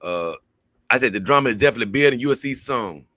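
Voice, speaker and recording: A man's voice: mid-range voice, quick pace, dry recording. A man hosting his own channel, reading out viewer comments in a casual, drawling way full of fillers. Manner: relaxed, drawling, with many fillers. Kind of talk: casual livestream chat.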